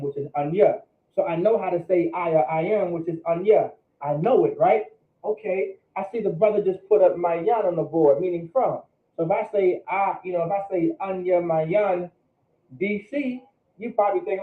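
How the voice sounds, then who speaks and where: A man's voice: high voice, normal speed. A man teaching a vocabulary class in a conversational way, often asking his students questions and repeating words for them. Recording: echoey room over phone-like line.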